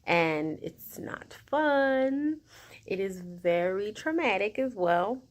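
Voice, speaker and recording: A woman vlogging casually about her day, chatty and animated, often laughing and quoting herself. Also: medium pitch, takes it slowly. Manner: chatty, animated, talks to herself in quoted asides; laughs often while talking. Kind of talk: casual personal video diary.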